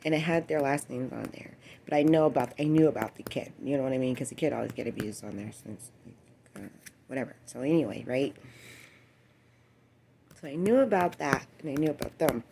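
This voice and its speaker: A woman in her late twenties telling a rambling personal story to the camera, cursing often and swinging between a low murmur and loud exclamations. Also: lively intonation, a little fast, creaky, noisy background. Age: 20s. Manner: profane, repetitive, meandering storytelling. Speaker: vlogger.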